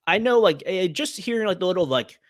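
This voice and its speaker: A man from Ireland talking in an animated, casual way on a podcast, full of fillers and quick impressions. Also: sits high, dry recording, clean studio sound. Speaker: podcast panelist. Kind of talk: casual chat.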